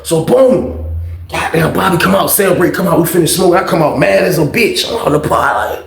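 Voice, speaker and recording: Guy doing a storytime monologue, kinda high voice, echoey room, lots of slang. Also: fairly quick, gravelly. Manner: animated, slang-heavy, repeats himself.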